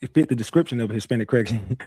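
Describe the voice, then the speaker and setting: A man's voice: medium pitch, fast talker, husky, dry recording, studio quality. A man streaming casual commentary, telling a story with lots of swearing and repeated words, and talking straight to his viewers. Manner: profane, animated storytelling with repeats; addresses viewers directly.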